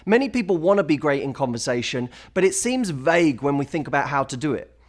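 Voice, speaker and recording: A man's voice: on the high side, very animated, fast. A man presenting dating and conversation advice in a polished, upbeat way, acting out sample lines. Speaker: dating coach in a played video.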